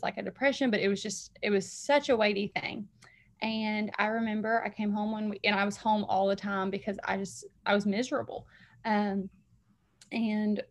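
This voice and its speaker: A woman, a guest on an interview show, telling a heartfelt faith testimony in an earnest, emotional way, full of "like" and "um". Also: mid-range voice. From Alabama, US. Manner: earnest, emotional storytelling with frequent "like" and "um".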